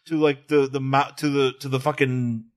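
A man co-hosting a casual chat about a comic, talking in an animated way, laughing often, swearing and acting out the characters in quick bursts. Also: medium pitch. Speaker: podcast co-host.

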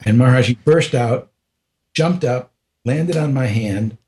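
A man's voice: mid-range voice, a little mellow. Older American man telling a story. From United States. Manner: reflective, unhurried, many restarts and small laughs. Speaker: podcast guest. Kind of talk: personal storytelling in conversation.

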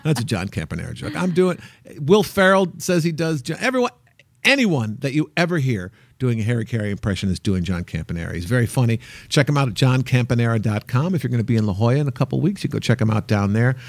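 A man's voice: medium pitch, fast, vocal fry, no echo, studio quality. A man hosting a podcast in casual interview chat, laughing easily and joking. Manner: laughs easily, jokey and relaxed. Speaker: podcast host.

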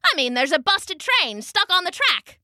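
A woman's voice: high voice, big pitch swings, moderate pace, sharp tone, no echo, studio quality, exaggerated voice. A woman voicing a polite, formal male train dispatcher speaking matter-of-factly on the phone.

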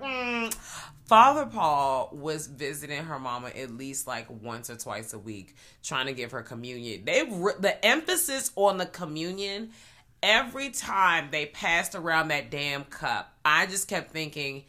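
Low-voiced woman chatting about a show, bright and forceful, laughs a lot. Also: a little slow. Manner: animated, laughs a lot, slangy. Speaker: podcast co-host. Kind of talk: casual chat reviewing a series.

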